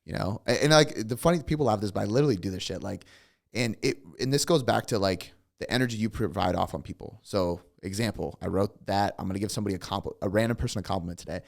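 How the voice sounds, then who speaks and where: On a podcast, a coach rattles off stories at speed, animated and casual, with plenty of swearing. His fairly low voice has a creaky quality.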